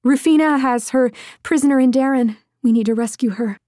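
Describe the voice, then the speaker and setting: A woman's voice: a little high, flat delivery, normal speed, mellow, no echo, studio quality, close to an everyday voice. A woman voicing a guilt-ridden young woman in an audiobook, speaking in a breathless, pleading way. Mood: urgent.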